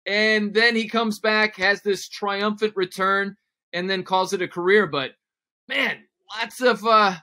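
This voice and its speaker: A man guesting on a sports radio show, speaking in a bright, forceful, fairly high voice into a studio microphone. He talks football casually, enthusiastic and plain-spoken. The delivery is steady and energetic. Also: measured pace.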